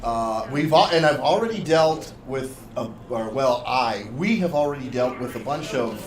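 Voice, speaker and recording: A man playing his character in a tabletop game, halting and full of restarts. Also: medium pitch, animated, roomy sound, distant mic, low-quality recording. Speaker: player.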